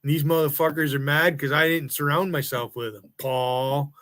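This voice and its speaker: A man's voice: fairly high pitch, fairly even intonation, moderate pace, a bit bright. A man ranting angrily on a livestream, taunting and cursing at rival streamers and chatters. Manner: angry, profane, taunting. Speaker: live streamer. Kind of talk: profane livestream rant.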